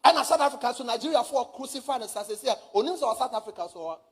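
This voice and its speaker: A man's voice: extremely high pitch, animated, quick pace, breathy edge. A man preaching a fiery sermon with a live interpreter, emphatic and repetitive, firing rhetorical questions at his listeners.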